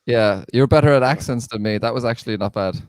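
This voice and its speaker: Rambling young comedian, dry mic. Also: male voice, medium pitch, fast, dry recording. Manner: rambling, self-deprecating, stammering restarts. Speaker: stand-up comedian. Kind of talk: online stand-up set and casual chat.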